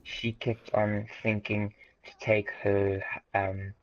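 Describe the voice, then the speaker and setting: A man's voice: on the low side, little pitch movement, slow, muffled recording. Teenage boy, casual podcast chat, rambling, self-correcting. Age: teens. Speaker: podcast host.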